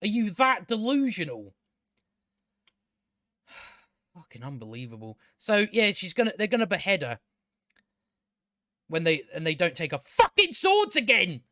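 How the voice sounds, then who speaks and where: High-voiced man ranting with exasperation. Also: huge pitch swings, measured pace, long pauses, sharp tone, dry recording, clean studio sound. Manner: exasperated, sarcastic and profane; stammering, frequent restarts. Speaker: TV show reviewer. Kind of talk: casual solo review rant.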